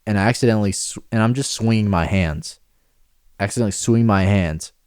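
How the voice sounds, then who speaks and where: A man's voice: lowish voice, fairly quick, a little mellow, clear, resonant tone. A man hosting a podcast, telling a childhood story in casual chat, laughing often and acting out voices. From Mexican heritage. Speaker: podcast host.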